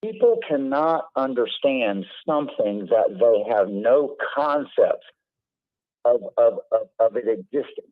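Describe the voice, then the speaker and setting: A man's voice: mid-range voice, a little slow, no echo. Guy hosting a call-in stream, rambly, keeps repeating himself, sounds like a phone line. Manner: rambling, repeats words, animated asides. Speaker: livestream host. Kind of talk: casual call-in chat. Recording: tinny phone-like line, dry.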